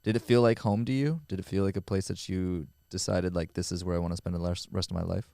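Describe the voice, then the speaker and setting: A man from Minnesota hosting a casual interview, quick and chatty as he encourages his guest. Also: deep voice, fairly even intonation, creaky, dark tone, no echo, clean studio sound. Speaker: podcast host.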